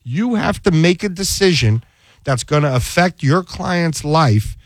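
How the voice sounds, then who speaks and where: A man's voice: fairly high pitch, lively intonation, a little slow, dry recording. A man who is a defense attorney, telling a courtroom story in a casual interview. He acts out the dialogue he quotes, restarts often and keeps checking that the listener follows.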